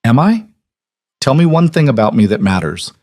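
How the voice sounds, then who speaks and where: A man voicing a desperate young noblewoman in an audiobook romance, earnest and steady. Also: medium pitch, moderate pace, no echo, clean studio sound, pitched above the performer's own voice, close to an everyday voice. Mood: resolute.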